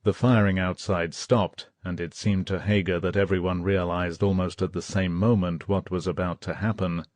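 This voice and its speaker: A man reading an audiobook in steady, measured scripted narration. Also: deep voice, no echo. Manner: measured, steady storytelling, voicing characters' shouts.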